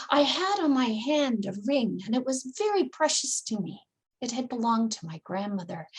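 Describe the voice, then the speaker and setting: A woman from Newfoundland telling a fairy tale to children, expressive and dramatic, with gasps and hushed asides. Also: sits high. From Newfoundland, Canada. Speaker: storyteller. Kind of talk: oral storytelling for children.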